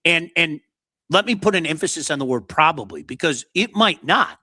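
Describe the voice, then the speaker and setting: A man hosting a sports talk show, blunt and animated, reading out viewer comments and going over player stats. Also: on the high side, brisk, no room sound, studio quality.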